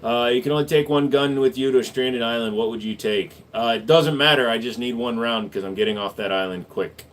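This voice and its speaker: A man's voice: medium pitch, brisk, hardly any pauses. A man hosting a livestream, reading viewer questions aloud and answering them in an offhand, joking way. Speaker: livestream host answering chat. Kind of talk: casual livestream chat.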